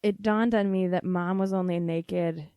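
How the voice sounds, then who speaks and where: A woman podcast host telling a funny family story in a casual, animated way, laughing often and swearing freely. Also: on the low side, a little slow, smooth, no room sound, studio quality.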